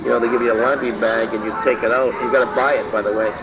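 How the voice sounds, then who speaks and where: A man thoughtfully recalling the past, speaking in a halting, reflective way outdoors. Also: mid-range voice, steady tone. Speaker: interviewee. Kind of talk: reflective recollection. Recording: loud street noise behind.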